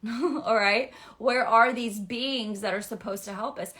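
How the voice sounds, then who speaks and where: A young woman giving casual spiritual advice as an astrology forecaster, chatty and full of "right?" and "okay?" tags, sometimes jumping into loud exasperated voices. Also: fairly high pitch, unhurried.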